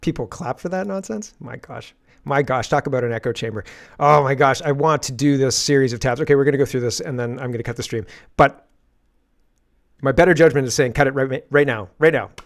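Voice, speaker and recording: A man's voice: mid-range voice, fairly quick, vocal fry. A man hosting a daily political commentary livestream, reading posts aloud with sarcastic asides and frequent laughs.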